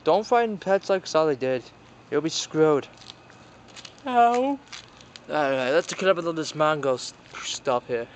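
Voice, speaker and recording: Man, high and very animated, slow delivery; improvised toy-play storyteller doing all the voices, lots of gasps. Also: slight background noise. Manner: animated, with frequent gasps and exclamations.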